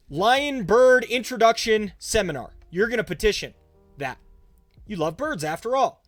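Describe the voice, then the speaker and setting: A young pastor with a high-sitting voice talks casually on a livestream, fielding viewers' chat questions as they come in. There's no echo on the audio.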